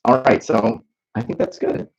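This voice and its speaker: A young man hosts a relaxed live-stream chat and hands out friendly advice. His voice is heavily gravelly and husky, and his pitch moves around a lot. The stream audio sounds dull and lo-fi. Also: normal speed. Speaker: host.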